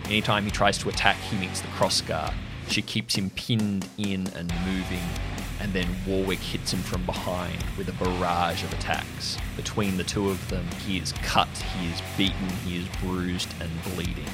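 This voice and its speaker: A man narrating a tabletop game as game master, telling the action in a vivid, lively way. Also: sits low, normal speed, over loud music. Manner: vivid, lively storytelling with fillers.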